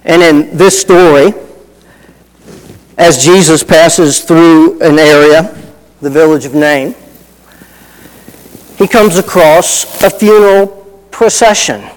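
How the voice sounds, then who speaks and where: A man's voice: on the high side, slow, long pauses, clear, resonant tone, in a large hall, low-quality recording. A middle-aged man preaching a sermon in a folksy, conversational way, telling personal stories with asides. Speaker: pastor.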